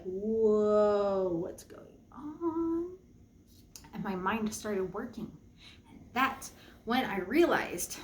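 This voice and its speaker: A young woman vlogger telling a personal story, animated and emphatic, jumping up high when she quotes herself. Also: echoey room, slight background noise.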